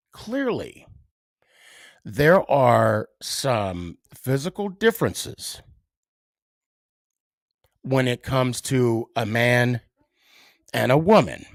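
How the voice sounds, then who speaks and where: Lively-voiced man hosting a solo podcast. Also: medium pitch, no echo, studio quality. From United States. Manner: hesitant, many fillers and restarts. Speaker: podcast host.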